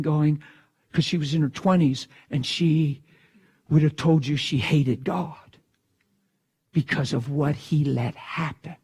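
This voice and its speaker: A man preaching, telling a story in a hushed voice and then breaking into shouted bursts. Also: fairly high pitch, breathy edge. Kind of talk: sermon storytelling.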